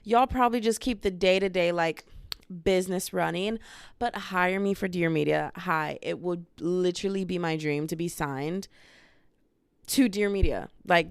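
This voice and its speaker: A woman's voice: fairly low pitch, moderate pace, vocal fry, clean tone, no room sound, studio quality. A woman, hosting a casual podcast vlog from home and talking to a small handheld camera in a bubbly, rambling, self-mocking way. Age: 20s. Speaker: podcast host. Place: home room with bookshelf.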